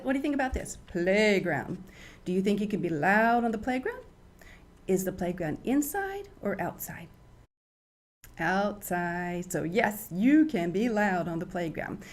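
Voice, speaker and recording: An older woman hosting a children's show, reading stories in an animated, sing-song way. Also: medium pitch. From United States. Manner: animated, sing-song storyteller, acts out loud and whispered voices. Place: studio.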